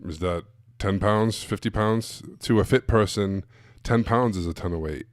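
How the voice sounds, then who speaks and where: A man's voice: on the low side, moderate pace, dry recording, studio quality. A man coaching other coaches live, blunt and direct, asking rhetorical questions and repeating his points. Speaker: sales coach. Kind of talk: live-streamed teaching.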